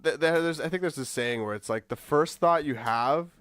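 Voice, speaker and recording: A young man co-hosting a podcast, telling stories in an animated way and laughing often. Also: on the high side, moderate pace, dry recording. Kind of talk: casual chat.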